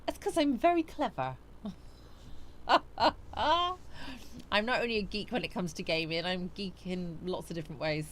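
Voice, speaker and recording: A sleepy woman, originally from the West Country, hosts a casual livestream chat in a warm little home studio. Her voice sits on the low side with a faint hum behind it, and she chats easily, greeting viewers and answering their comments. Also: animated, quick pace, few pauses. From West Country, England. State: sleepy, yawning. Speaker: livestream host.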